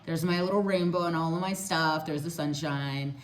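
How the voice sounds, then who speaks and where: A woman telling a story casually to her viewers, animated and slangy, laughing as she goes. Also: deep voice, moderate pace, background noise.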